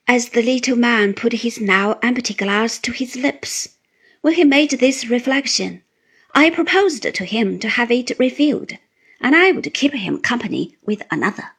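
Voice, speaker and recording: A woman reading a classic novel aloud in a measured, expressive storytelling manner. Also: fairly high pitch, slightly rough. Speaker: audiobook reader.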